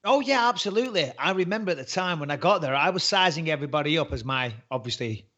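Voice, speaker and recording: A man's voice: fairly high pitch, fast talker. Chatty Northern English man, muffled audio. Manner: chatty, jokey, animated. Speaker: interview guest, former fighter turned commentator. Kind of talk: casual storytelling interview.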